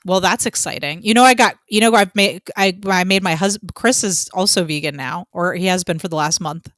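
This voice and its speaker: A woman co-hosting a casual podcast, chatty and excitable, swearing casually and jumping up in pitch when excited. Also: a little fast, no echo, studio quality. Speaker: podcast co-host. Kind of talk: casual chat.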